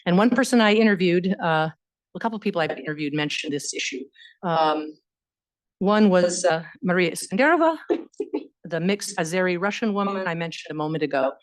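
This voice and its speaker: A woman with a fairly low voice delivers an academic history lecture. She explains her points in a measured way and fills her pauses with "um" and "you know". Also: lively intonation, low-quality recording. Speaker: history professor giving a lecture.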